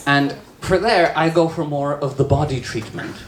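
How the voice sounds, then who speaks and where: A trans woman performing a stand-up comedy set in a bar, telling stories with deadpan asides. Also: deep voice, moderate pace. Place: bar with live audience. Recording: roomy bar recording with crowd laughter.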